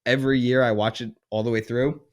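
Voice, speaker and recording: A man's voice: medium pitch, little pitch movement, fast talker. A man of twenty-one, a podcast co-host and serving soldier, talking casually and earnestly about a favorite show. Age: 20s.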